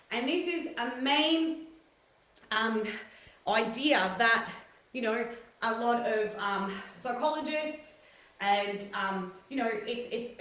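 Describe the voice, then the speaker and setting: High-voiced woman host, echoey and distant. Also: fairly bright tone. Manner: rambling, filler-heavy, chatty. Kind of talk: casual talk-show monologue. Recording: very echoey room, mic far off.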